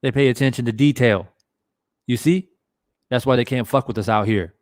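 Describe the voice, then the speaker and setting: At a moderate pace, a medium-pitched man hosts a boxing livestream, reading the chat and swearing freely as he talks casually and animatedly with viewers. It's studio quality, with no room sound.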